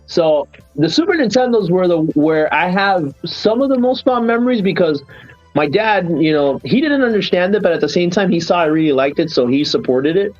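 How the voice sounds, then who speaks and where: Podcast host, man, animated nostalgic storyteller, dry dull lo-fi sound. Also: high voice, normal speed, dry recording, soft background music. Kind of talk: casual podcast chat.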